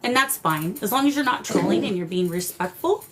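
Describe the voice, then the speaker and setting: A woman hosting a live paranormal spirit session, coaxing the spirits and greeting her viewers in a warm, emotional way. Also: medium pitch, lively intonation, brisk, a little hiss or hum. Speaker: paranormal livestream host.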